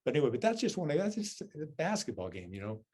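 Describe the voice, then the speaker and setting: A man's voice: a little high, huge pitch swings, quick pace, a little mellow, husky. A man with a Southern US accent, a Zen teacher giving a dharma talk. He tells a self-deprecating personal story and keeps checking in with listeners with "right?" and "okay?".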